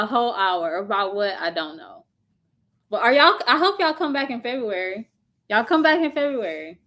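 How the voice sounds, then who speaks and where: A woman's voice: on the low side, a bit bright. Woman, livestream host, casual chat, sympathetic, loose and chatty, recorded at home. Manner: chatty, sympathetic, fillers like "y'all". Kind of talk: casual live chat reading viewer comments.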